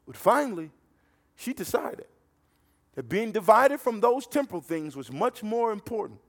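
A man's voice: high voice, very animated, moderate pace. A man preaching a sermon, telling stories fervently and repeating words as he restarts his thoughts.

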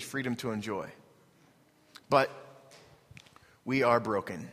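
A male preacher with a bright, forceful voice, talking loosely and conversationally before pressing into earnest appeals. His words carry a long reverb from a large church hall. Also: medium pitch, slow pace, long pauses. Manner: conversational, with many fillers and restarts, rising to earnest appeals. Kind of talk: sermon with storytelling.

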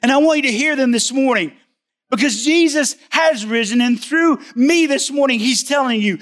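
High-pitched guy preaching at church, emphatic, repeats stuff for punch. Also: normal speed, fairly bright tone. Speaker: pastor. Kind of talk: sermon. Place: church service.

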